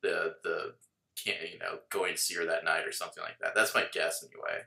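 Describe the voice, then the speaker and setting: A man co-hosts a podcast in easy, analytical chat, often laughing as he muses. His voice sits very low yet has a sharp, bright edge. The room gives it a noticeable echo. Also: flat delivery, fairly quick, vocal fry. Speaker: podcast co-host. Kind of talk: casual chat. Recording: roomy echo.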